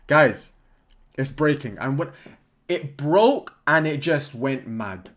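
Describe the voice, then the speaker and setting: A young man, giving an excitable, jokey football vlog and cutting himself off mid-thought. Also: a little high, unhurried. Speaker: football content creator.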